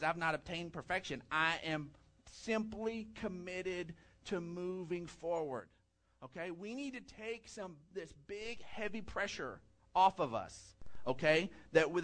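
A middle-aged pastor with a high, slightly bright voice preaches a conversational sermon, stepping aside now and then to tell stories.

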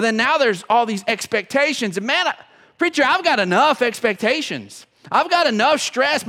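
A man preaching a sermon as pastor, emotional, swinging from loud to hushed. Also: very high-pitched. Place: church sanctuary. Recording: long reverb of a church hall.

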